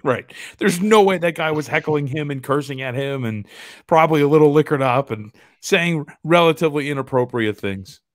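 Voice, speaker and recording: Joking podcast host, dry close sound. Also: male voice, a little high, animated, normal speed, dry recording. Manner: joking, laughs often, reacts to images on screen. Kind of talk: casual chat.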